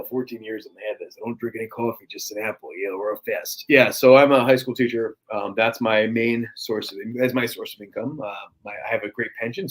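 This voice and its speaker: A man's voice: mid-range voice, poor audio. A man, a guest on a podcast, telling stories in a loose, chatty way with lots of filler words. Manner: chatty storyteller, many fillers. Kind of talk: casual podcast conversation.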